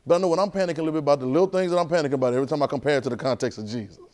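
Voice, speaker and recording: A man's voice: on the high side, very fast, a little mellow. A man, preaching a sermon and drawing responses from the congregation. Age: 30s. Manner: call-and-response with the congregation, conversational and emphatic.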